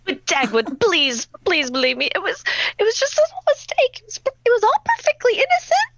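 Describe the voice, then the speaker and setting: A woman's voice: extremely high pitch, wildly swooping pitch, a little fast, fairly bright tone, no room sound, lo-fi sound, full character voice. A woman reading the part of an apologetic young wife in an amateur 1940s radio play reading, flustered and stammering. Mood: pleading.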